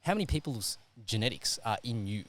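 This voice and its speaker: A man hosting a casual chat, working through an idea out loud and checking in with the listener as he goes. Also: medium pitch, sing-song, brisk. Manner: thinks out loud, keeps checking in with "right?".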